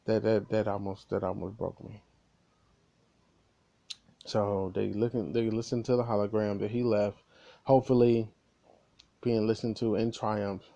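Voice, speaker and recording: Brief: male movie reviewer, lowish warm voice, animated scene-by-scene retelling with stumbles. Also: measured pace, creaky, long pauses, dull audio. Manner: animated retelling, frequent restarts and repeated words. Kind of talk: casual spoiler recap.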